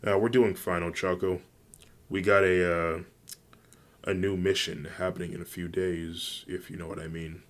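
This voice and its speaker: A man voicing a young woman vigilante with a secret persona in a fan story, speaking matter-of-factly in his own low voice. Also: level tone, moderate pace, close to an everyday voice.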